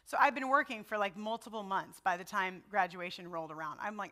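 A woman's voice: medium pitch, animated, brisk, few pauses, pushed and bright. A middle-aged woman giving a sermon in a personal, conversational way, often checking in with her listeners. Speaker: preacher.

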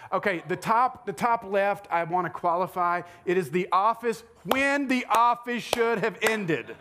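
A man's voice: high-pitched, a bit bright. A male pastor preaching a conversational sermon, joking with the congregation and asking them questions.

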